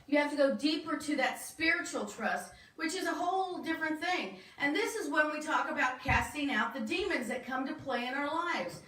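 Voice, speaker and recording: A woman with a fairly high voice preaches in a relaxed, conversational way, often turning to ask the congregation questions. She is picked up from some distance in an echoey church room. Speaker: minister. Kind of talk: sermon. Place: church sanctuary.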